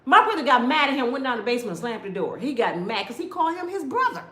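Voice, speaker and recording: A middle-aged woman telling stories in a blunt, animated way, sometimes mimicking other people's voices. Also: high voice, fast talker, reverberant. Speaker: storyteller. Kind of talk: casual storytelling rant.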